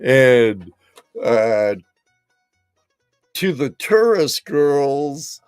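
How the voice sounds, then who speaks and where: A man's voice: mid-range voice, big pitch swings, extremely slow, clear, resonant tone, no room sound, faint music behind. A man from Southern California hosting a live stream, chatting in a rambling, laid-back way and talking straight to his viewers. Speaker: live show host. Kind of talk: casual live-stream chat.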